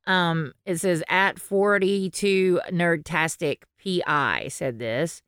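A woman's voice: lowish voice, takes it slowly, a bit bright, clear, resonant tone, dry recording, studio quality. A woman hosting a casual podcast chat, reading fan posts aloud and laughing often. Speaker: podcast host.

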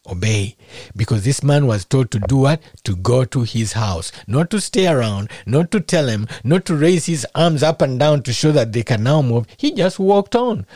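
A man preaching a sermon in a conversational, animated way, acting out little scenes as he goes. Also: medium pitch, no echo, clean studio sound.

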